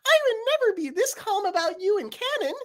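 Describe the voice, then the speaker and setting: Fussy, high-strung cartoon paper object, shrill and pedantic; a woman plays him. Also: very animated, fairly quick, fairly bright tone, heavily acted. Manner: fretful, nitpicking.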